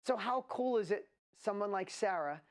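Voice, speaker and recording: A woman hosting a live online event, talking in an excitable, rambling way as she builds hype. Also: mid-range voice, moderate pace. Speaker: event host. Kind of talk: energetic live webinar presentation.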